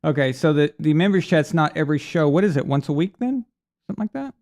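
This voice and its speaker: A man's voice: fairly high pitch, lively intonation, fast, darkish tone. A man hosting a live sports stream in a casual, rambling way, reading out viewer messages. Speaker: sports show host.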